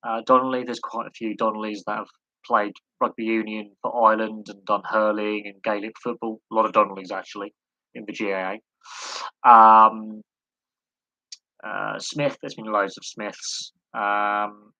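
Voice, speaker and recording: A man's voice: lowish voice, steady tone, fairly quick, sharp tone, no echo, low-quality recording. A man hosting a casual live Q&A stream, rambling through tangents and poking fun at himself. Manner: self-mocking, chuckles at himself. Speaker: live stream host answering chat.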